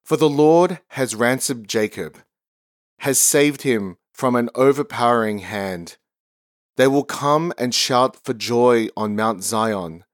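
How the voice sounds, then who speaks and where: A man reading a psalm at Mass in a measured, formal recitation. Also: medium pitch, dry recording, clean studio sound. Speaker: lector. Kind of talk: liturgical reading.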